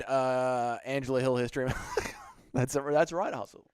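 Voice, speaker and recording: A man's voice: mid-range voice, fairly even intonation, unhurried, darkish tone, smooth, dry recording, clean studio sound. A man hosting a casual livestream, swearing freely, laughing often and answering chat messages. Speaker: livestream host.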